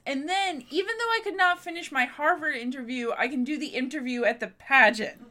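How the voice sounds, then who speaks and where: A woman's voice: sits high, fairly quick, bright, forceful tone. A young woman co-hosting a podcast, ranting about a movie in exasperated, laughing bursts. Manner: exasperated, laughing, swearing rants. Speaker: podcast co-host. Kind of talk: casual movie-recap chat.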